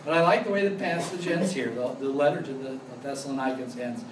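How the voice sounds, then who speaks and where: A pastor talking through a Bible passage in a chatty way, laughing often and reading verses slowly. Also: male voice, medium pitch, slight background noise. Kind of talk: Bible study teaching. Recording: roomy and distant with faint ambience.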